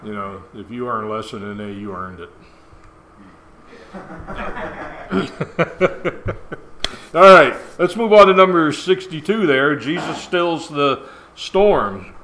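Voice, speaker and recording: A man in his sixties leading a church Bible study, talking in a relaxed, rambling, folksy way. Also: a little high, takes it slowly, pauses often. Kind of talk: casual group Bible study talk. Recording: noisy room recording.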